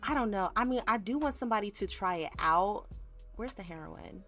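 A woman chatting through her game in a casual, slangy way, now and then breaking into shrieks of mock alarm. Her voice sits at a middle pitch, with faint music playing underneath. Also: expressive, brisk, bright, forceful tone. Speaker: gaming YouTuber. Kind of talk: casual gameplay commentary.

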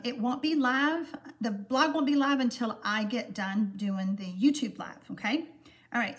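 A woman in her sixties hosting a live-stream craft demonstration, chatty and friendly, with lots of "um" fillers. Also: a little high. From Texas, USA. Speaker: card-making host.

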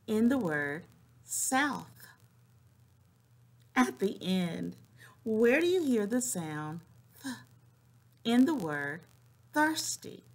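A woman teacher leading young children through a phonics lesson, clearly sounding out word parts and encouraging them. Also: on the low side. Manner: encouraging classroom tone.

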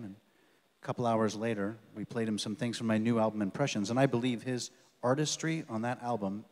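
Chatty man on a concert stage. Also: on the low side. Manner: chatty, rambling storyteller with many ums. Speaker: musician introducing his band on stage. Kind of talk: casual stage banter between songs. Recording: long reverb of a concert hall.

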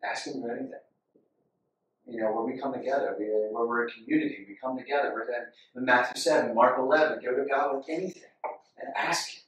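A man's voice: medium pitch, steady tone, fast, recorded from a distance, slight background noise. Preaching man in an echoey hall. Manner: impassioned, repeats phrases, rises loud when reading scripture. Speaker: pastor. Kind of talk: sermon.

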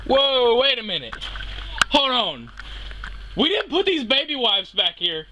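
A man's voice: extremely high pitch, sing-song, measured pace, heavy background noise. A man hosting his vlog, casual, teasing and crude, joking with his family. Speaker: vlogger host.

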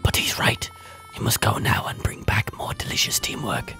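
A stately old king speaks in a whispered role-play, put on by a man who keeps the lines slow and formal. His hushed voice is bright and swoops widely in pitch. Soft game music plays underneath. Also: close to an everyday voice. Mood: grand. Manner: slow, formal, storybook delivery.

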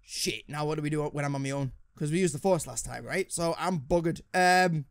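Sarcastic British gamer swearing at a game. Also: male voice, fairly high pitch, brisk, dry recording. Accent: British English. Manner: sarcastic, swears, talks to himself. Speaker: gaming YouTuber. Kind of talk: let's play commentary. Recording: game music behind.

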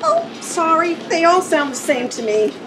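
A woman's voice: very high-pitched, huge pitch swings, moderate pace, a bit bright, soft background music, heavily acted, low-quality recording. An actress playing a tactless, chatty older woman customer in a convenience store comedy. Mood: nosy. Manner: nosy and pushy. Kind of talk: sitcom acting.

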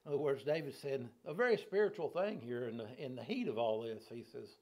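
A man's voice: medium pitch, expressive, normal speed, a little mellow. Folksy man teaching a Bible study. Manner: folksy, chuckles often, asks the class questions. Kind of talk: casual verse-by-verse Bible teaching.

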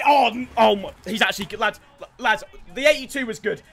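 A young man commentating his own football video game matches, hoarse from yelling celebrations. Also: high-pitched, fairly quick, soft background music. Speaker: gaming YouTuber.

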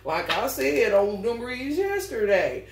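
A woman reading tarot for her viewers, talking in a loose, profane, storytelling way and breaking into laughter again and again. Her pitch swings widely from line to line. She sits back from the mic in a roomy space with a faint hum behind her. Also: takes it slowly, gravelly. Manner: animated, laughs often, heavy swearing. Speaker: tarot reader. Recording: roomy echo, mic at a distance, faint background noise.

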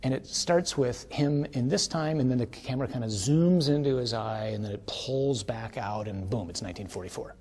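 Man, priest, teaching talk, conversational, tag questions, emphatic climaxes, average pitch. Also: moderate pace, few pauses, slightly rough. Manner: builds to forceful, emphatic declarations.

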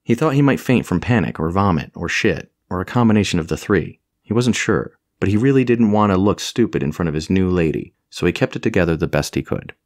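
A man's voice: sits low, animated, fairly quick, hardly any pauses, no room sound, clean studio sound. A man narrating a comic fantasy audiobook with a wry, storytelling delivery.

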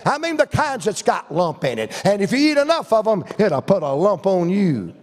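A man's voice: high-pitched, big pitch swings, moderate pace. An older man with a Southern American accent, preaching a folksy, humorous revival sermon in a church. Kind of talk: storytelling sermon. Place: church sanctuary. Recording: long church reverb.

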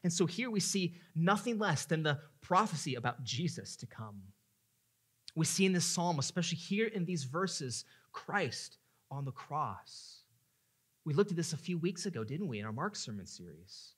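Pastor guy preaching, slightly high voice, gets really loud and pleading then drops quiet. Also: sing-song, moderate pace, slightly rough. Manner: swings from hushed to loud impassioned pleading. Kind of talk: sermon.

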